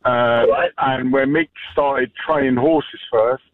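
A man's voice: mid-range voice, fairly even intonation, slow pace. Irish man in his thirties phoning in to radio, rambling delivery, phone-quality sound. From Ireland. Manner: rambling, many fillers. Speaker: caller. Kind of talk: phone-in anecdote. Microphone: phone line. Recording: tinny phone line.

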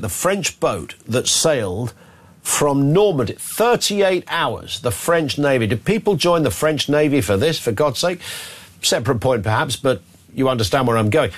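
A man hosting a radio phone-in, talking in a wry, exasperated, bantering way. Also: medium pitch. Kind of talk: talk radio presenting.

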